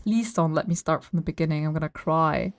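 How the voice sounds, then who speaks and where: A woman VTuber streamer giving excitable, playful commentary while playing a dating game. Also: low voice, brisk. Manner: excitable, playful, gasps and laughs. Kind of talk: casual gaming commentary.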